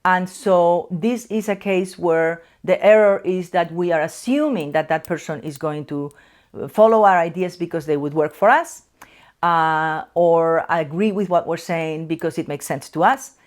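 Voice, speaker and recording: Spanish-accented woman explaining slowly. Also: on the low side. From Spain. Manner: measured, explanatory, slows to stress key terms. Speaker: psychoanalyst. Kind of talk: educational talk to camera. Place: her office, seated in a chair.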